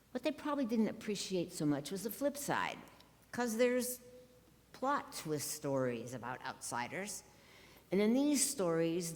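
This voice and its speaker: A woman pastor preaching a sermon from the pulpit, with wry, sarcastic asides. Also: sits low. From Ohio. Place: church sanctuary. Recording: long church reverb.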